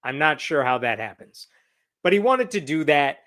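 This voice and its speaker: A man with a somewhat high voice hosts a casual livestream news roundup. He reads documents aloud and mocks them in a sarcastic, conversational tone. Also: sing-song, moderate pace, fairly bright tone.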